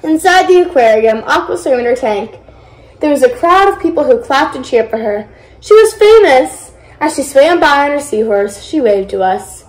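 Girl reading a picture book out loud, high voice, sing-songy. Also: expressive, normal speed, reverberant, rough recording. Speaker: read-aloud channel host. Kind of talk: children's book read-aloud.

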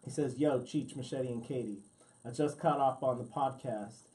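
A man's voice: medium pitch, normal speed, warm tone. A man co-hosting a podcast, joking in a laid-back way and laughing often, at a studio mic. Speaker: podcast co-host. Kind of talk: casual podcast chat.

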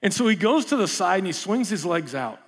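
Animated conversational male preacher. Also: sits high, fairly quick. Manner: animated, rhetorical questions, conversational asides. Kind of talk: sermon.

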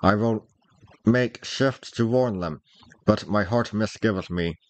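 A man voicing a rough-spoken young male squire in a storybook reading, with gruff, commanding, old-fashioned speech. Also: on the low side, measured pace, dry recording, natural voice. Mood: urgent.

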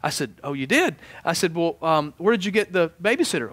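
A man preaching a sermon as pastor, animated in his stories and dropping soft and low for prayer. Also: a little fast, hardly any pauses. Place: church sanctuary.

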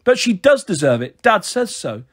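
A man puts on a small boy, scared and whiny, pitched well above the reader's own voice. The lines come out plaintive and uncertain, with a husky edge to the tone. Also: sing-song, moderate pace, exaggerated voice. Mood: sulky. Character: frightened, whiny little boy. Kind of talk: audiobook character voice.

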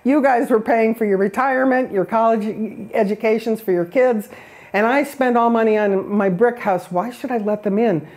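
A woman's voice: on the high side, normal speed, a little mellow, close to an everyday voice. A woman voicing a grudging male pig in a brick house, who grumbles over what he spent. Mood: grumbling. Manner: grumbling, self-pitying.

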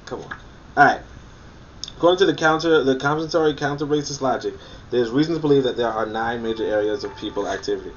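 A man's voice: medium pitch, steady tone, fast talker, far from the mic, dull audio. A man reading a book aloud and commenting on it critically, emphatic and incredulous, often repeating his points for emphasis. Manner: incredulous and scoffing.

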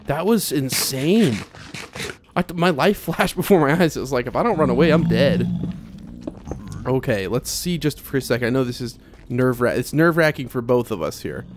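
A young man hosts a let's play over soft game music, chatting casually but yelping and repeating words when he panics. His mid-range voice moves at a moderate pace, and the recording has a noisy background.

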